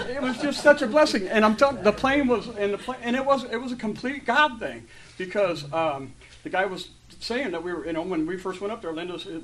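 A man in his fifties gives a casual, emotional testimony to a group, stumbling through fillers and restarts before bursting into lively retellings. His voice sits a little high for a man. He is picked up from a distance, with a faint hum of room ambience behind him. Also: a little fast. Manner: rambling and heartfelt, with many fillers and restarts; gets loud and animated when retelling stories. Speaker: church member sharing a testimony.

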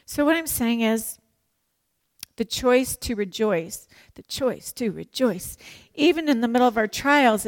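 Woman, Bible teacher, animated sermon, emphatic delivery, joking asides, dry close sound. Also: a little high, dry recording. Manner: animated and emphatic, acts out prayers and quotes.

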